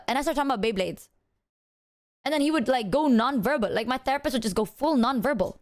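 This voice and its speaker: Animated, foul-mouthed woman streamer, higher voice. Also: fast talker. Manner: animated storytelling, acting out both sides of a conversation; swears freely. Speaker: livestreamer. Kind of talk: casual chat.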